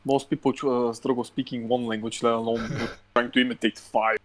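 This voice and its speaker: A man's voice: medium pitch, little pitch movement, a little fast. A young man co-hosting a podcast, telling stories bluntly with heavy swearing. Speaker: podcast co-host. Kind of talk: casual chat.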